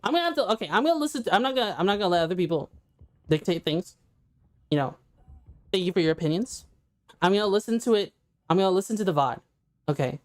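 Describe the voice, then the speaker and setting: A woman game streamer, a little congested, chatting excitedly with her live chat into a condenser microphone. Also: mid-range voice, quick pace, pauses often.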